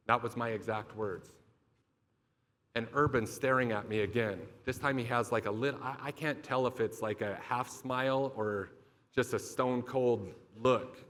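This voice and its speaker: A man's voice: mid-range voice, steady tone, normal speed, fairly bright tone. A young adult man giving a motivational keynote speech, telling a personal story in an emphatic, profane and confessional way. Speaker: motivational speaker.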